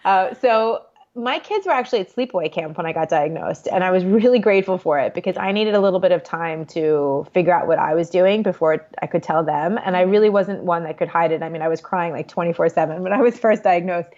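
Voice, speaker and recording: A woman in her forties speaks quickly and candidly as an interview guest. Her words tumble out with many fillers. The audio is dull and lo-fi. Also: fairly low pitch, darkish tone. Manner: fast, candid storytelling with frequent fillers. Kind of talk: conversational interview.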